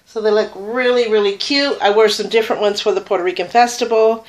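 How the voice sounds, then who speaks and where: A woman's voice: mid-range voice, brisk. A woman chatting casually through a makeup tutorial, rambling and enthusiastic about her products. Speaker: beauty vlogger.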